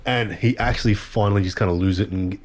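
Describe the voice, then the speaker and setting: A man chatting quickly and eagerly about films. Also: fairly low pitch. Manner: quick and enthusiastic. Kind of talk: casual chat about films.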